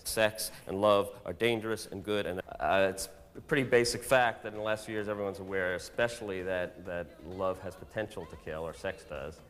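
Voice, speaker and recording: A man who writes and produces songs, talking candidly and wryly, his phrases sinking low at the ends. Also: in a large hall. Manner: fast, wry, trailing low at phrase ends. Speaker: songwriter and producer. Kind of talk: candid interview monologue.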